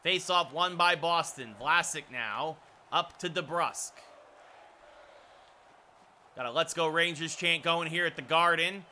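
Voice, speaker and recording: A man in his thirties calls the action of a hockey video game like a broadcaster. His voice sits high and sounds sharp and bright, and it rises into loud calls on big plays. Between calls he drops into casual asides to his viewers. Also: measured pace, pauses often, a little hiss or hum. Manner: excitable play-by-play calls, with asides to chat. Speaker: streamer doing play-by-play of a hockey video game. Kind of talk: sports play-by-play commentary.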